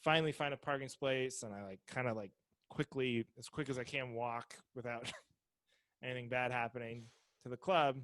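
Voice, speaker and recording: A comedian and podcast co-host telling a rambling, self-deprecating story in casual chat. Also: male voice, medium pitch, steady tone, normal speed, a bit bright, a little hiss or hum. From Seattle area.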